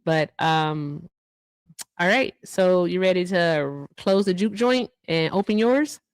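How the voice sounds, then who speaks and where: A woman's voice: fairly low pitch, slow, clear, resonant tone, no echo. A woman co-hosting a livestream show, chatting casually and reading out viewer thank-yous with asides. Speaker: livestream co-host.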